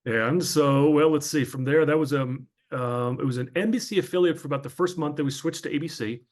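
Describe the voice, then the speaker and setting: A man's voice: fairly high pitch, brisk. Chatty middle-aged man telling stories. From northern New Jersey. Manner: chatty, anecdotal, frequent fillers. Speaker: podcast guest, former sportscaster. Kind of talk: casual storytelling interview.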